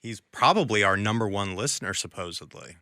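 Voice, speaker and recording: Laid-back guy co-host, bright voice, dry close sound, keeps saying yeah. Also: lowish voice, lively intonation, no echo. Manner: easygoing, agreeable, lots of quick yeses. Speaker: podcast co-host. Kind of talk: casual chat.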